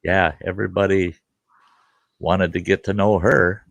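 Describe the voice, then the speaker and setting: A man's voice: deep voice, steady tone, a little slow, gravelly, dry recording. A man hosting a casual chat, telling a joke story and acting out the voices of the people in it. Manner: joking storyteller, acts out voices in his tale. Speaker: host.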